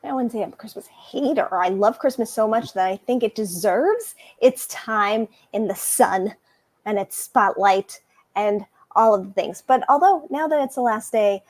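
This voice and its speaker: A woman co-hosting a podcast in casual chat, laughing often and chiming in with quick agreement. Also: mid-range voice, a little mellow. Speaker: podcast co-host.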